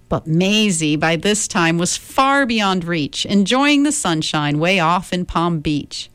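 A woman's voice: fairly low pitch, lively intonation, slow, few pauses, a bit bright, clean tone, no echo. A woman reading a picture book aloud as storyteller, talking directly to her listeners in a friendly way.

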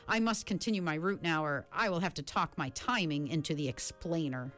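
A woman's voice: low voice, fairly quick, fairly bright tone, faint music behind. A woman reading the part of an anxious boy newspaper carrier who recites his words stiffly, as if from a manual. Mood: stiff, recited.

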